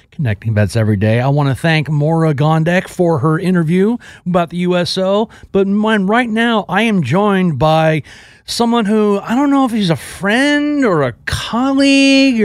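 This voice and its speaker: A man's voice: a little high, no room sound, studio quality. A man hosting a morning radio talk show, joking easily with his guests. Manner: jokey, upbeat. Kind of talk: casual radio interview chat.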